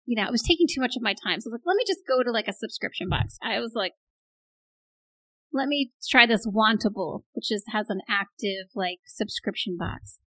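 A woman's voice: fairly high pitch, animated, brisk, a bit bright, no room sound, low-quality recording. A woman co-hosting a casual talk show, teasing her partner with mock sympathy and telling her own stories. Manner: playful, teasing, jokey sympathy. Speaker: podcast co-host. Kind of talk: casual chat.

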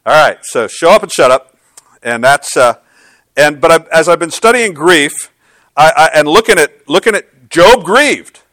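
Male pastor, middle-aged, sermon, conversational storytelling, self-deprecating, slightly high voice. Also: animated, measured pace, a bit bright, no echo.

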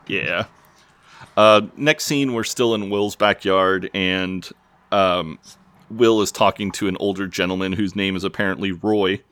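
A man's voice: sits low, steady tone, a little slow, fairly bright tone, no echo. A man co-hosting a podcast, chatting loosely and swearing freely as he recaps a TV episode with lots of fillers. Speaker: podcast co-host. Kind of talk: casual chat recapping a TV episode.

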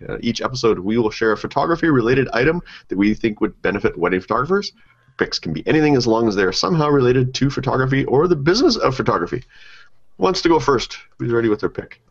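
A man's voice: mid-range voice, animated, fast talker. A man hosting a podcast in an upbeat, chatty way with plenty of fillers. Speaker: podcast host. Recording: dull lo-fi audio.

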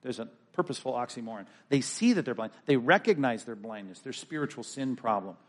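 A man, a pastor, preaching a sermon with animated storytelling. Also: mid-range voice, brisk.

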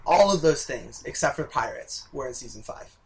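A man's voice: medium pitch, expressive, moderate pace, a crowd in the background. A man co-hosting a fan podcast, talking casually and working himself into a heated, swearing rant. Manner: heated, ranting, swears freely. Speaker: podcast co-host.

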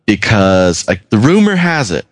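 Low-voiced joking man hosting. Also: measured pace, dry recording, studio quality. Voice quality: joking, animated delivery. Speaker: podcast co-host. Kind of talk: casual comedic chat.

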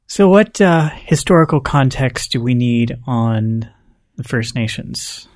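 A man co-hosting a podcast, speaking earnestly and haltingly in casual conversation. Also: mid-range voice, animated, a little mellow. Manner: earnest, halting, repeats words. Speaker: podcast co-host.

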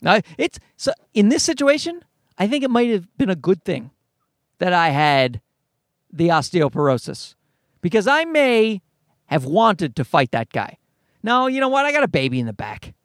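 A man's voice: high voice, very animated, normal speed, no echo, clean studio sound. A man telling a story as an exasperated, profane rant. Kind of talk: comic ranting anecdote.

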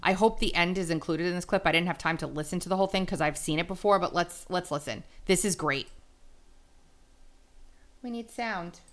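A woman hosting a solo podcast, talking in a chatty, blunt way with quick asides. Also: on the low side. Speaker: podcast host. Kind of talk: casual solo podcast commentary.

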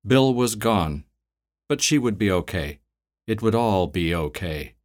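A man narrating a dark story in a measured, steady reading. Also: low voice.

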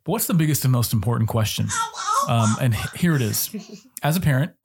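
A man's voice: medium pitch, animated, a little fast, gravelly, darkish tone, slightly rough. A middle-aged man co-hosting a casual faith-based parenting chat, earnest and a little preachy with joking asides. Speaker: podcast co-host.

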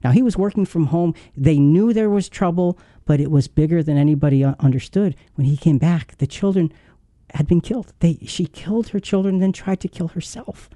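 Guy in his 50s, very dark mellow voice, earnest heartfelt bible talk, dry close sound. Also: on the high side, a little fast, no echo. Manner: emotional, heartfelt storytelling. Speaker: host, Bible teacher.

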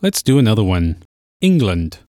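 A man's voice: lowish voice, very animated, normal speed, warm tone, no echo, clean studio sound. A man teaching a podcast language lesson, explaining patiently step by step.

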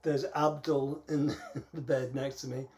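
A middle-aged man with a British accent talks through his stories in a halting, chatty way, chuckling along as he goes. His voice sits at an ordinary middle pitch, and the talk is an easygoing podcast conversation. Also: flat delivery, darkish tone, a little hiss or hum. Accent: British English. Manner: halting, storytelling, laughs at his own anecdotes. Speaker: podcast co-host. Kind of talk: casual chat.

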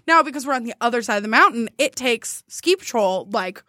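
A woman telling a story in a casual comedy chat, animated and laughing often, acting out quotes in a shrill yell. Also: fairly quick, no echo, studio quality.

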